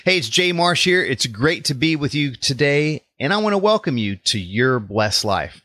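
A man's voice: mid-range voice, sing-song, normal speed, pushed and bright, dry recording, studio quality. Upbeat man hosting a faith podcast. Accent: Texas. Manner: upbeat, welcoming, faith-centered talk. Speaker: podcast host and life coach. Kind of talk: podcast interview.

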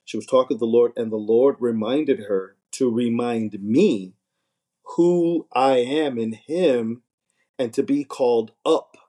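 Earnest man, mellow voice. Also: medium pitch, unhurried. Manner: earnest, repeats words when starting a thought. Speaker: podcast guest, married minister. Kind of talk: casual chat.

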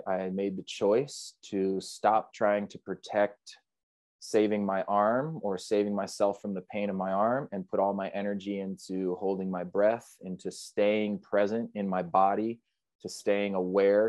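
A man with a fairly low voice tells his story as an interview guest. He talks in a vivid, earnest, reflective way. The sound is dry and close. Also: steady tone, measured pace, darkish tone, no room sound. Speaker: podcast guest, big wave surfer.

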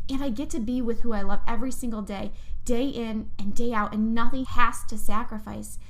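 A woman's voice: on the high side, steady tone, a little fast, slight background noise. A young woman hosting a motivational podcast, talking straight to her listeners in an upbeat, heartfelt way. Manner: enthusiastic, heartfelt, speaks directly to listeners. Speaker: podcast host.

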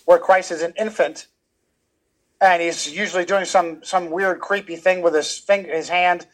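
Appearing as a guest author in an animated conversational interview, a man with a notably high, fairly bright voice speaks emphatically, often repeating words to press his points. His intonation is fairly even and his pace unhurried.

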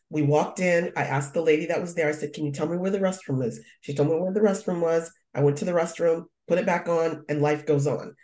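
Middle-aged woman from the US telling a funny family story, lowish voice, echoey room. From United States. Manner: animated storyteller, acts out her own thoughts. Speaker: guest. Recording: roomy echo.

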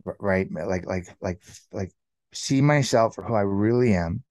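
A man's voice: on the low side, a little slow, a little mellow, no room sound. A man in his thirties telling his personal story as an interview guest, rambling and filling his talk with "like" and "you know". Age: 30s.

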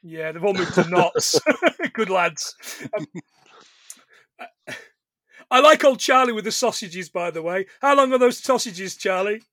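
Animated high-pitched podcast host. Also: male voice, a little slow, no room sound, clean studio sound. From England. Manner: jokey and animated, laughs often. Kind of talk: casual film-review chat.

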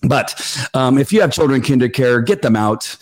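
A political speaker from California delivers a rally speech in a medium-pitched, animated voice at a moderate pace. He rambles and rants bluntly, full of fillers and restarts, growing sweaty and worked up as he goes.

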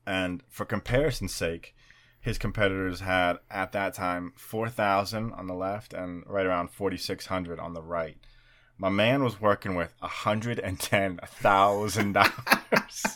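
A man's voice: low voice, fairly even intonation, a little slow, fairly bright tone. A man co-hosting a podcast, telling a story in casual chat with frequent laughter. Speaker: podcast co-host.

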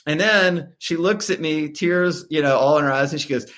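A middle-aged man, a guest on a podcast, telling a family story in casual talk and acting out the voices in it. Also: moderate pace. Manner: animated, acts out dialogue with sharp pitch jumps.

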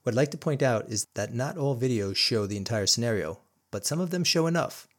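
A man's voice: mid-range voice, lively intonation, fairly quick. A man hosting a podcast, telling a personal story in an earnest, intense, blunt way. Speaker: podcast host.

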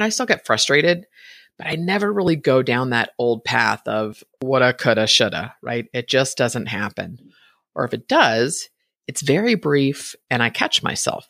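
A woman's voice: very deep voice, a bit bright, no room sound. Chatty woman podcast host, dry sound. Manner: chatty, laughs often, frequent "right?". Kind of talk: casual solo talk.

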